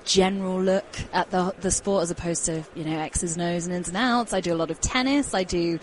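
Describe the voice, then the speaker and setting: A woman with a British accent talks sport as a radio guest. Her manner is chatty and relaxed, and she laughs easily. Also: on the low side, brisk, slight background noise. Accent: British English. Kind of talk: casual radio chat.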